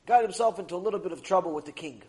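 Man, Torah teacher, animated storytelling lesson, fairly high voice, acts out characters. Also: racing, poor audio.

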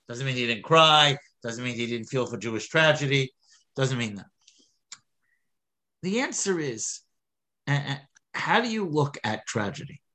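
A man giving an animated Torah lecture, full of restarts and repeated words. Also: medium pitch. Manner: animated, many restarts, mixes Hebrew and English. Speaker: rabbi teaching Torah.

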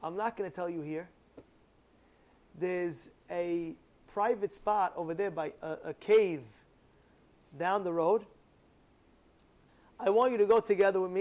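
A man voicing a thoughtful youngest son who speaks in a hushed, deliberate way. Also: high voice, natural voice.

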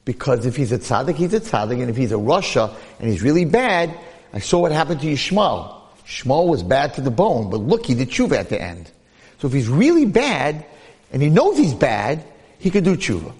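Animated rabbi in an echoing hall. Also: male voice, mid-range voice, a little fast, breathy edge. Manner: lively, rhetorical questions, acts out quoted voices. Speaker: rabbi giving a Torah class. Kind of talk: animated Torah lecture with storytelling. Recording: long hall reverb.

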